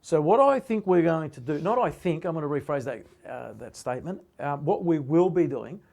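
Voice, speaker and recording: This is a man hosting a live interview. He keeps up a steady stream of short, supportive replies. When he has the floor he sets out his plans in a loose, conversational way. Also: on the high side, vocal fry. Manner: encouraging, quick affirming interjections. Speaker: interview host.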